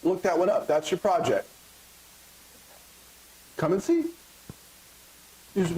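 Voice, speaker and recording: A man's voice: high voice, big pitch swings, slow, a little mellow, a little hiss or hum, low-quality recording. A middle-aged man with a Texan accent, preaching a sermon in a church, joking and acting out voices of the crowd. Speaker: pastor. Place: church sanctuary.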